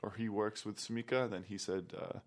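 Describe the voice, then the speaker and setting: A man's voice: on the low side, fairly even intonation, fairly quick. A young man chatting casually as a podcast guest, loose and hesitant, with many fillers and restarts. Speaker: guest, pro volleyball player.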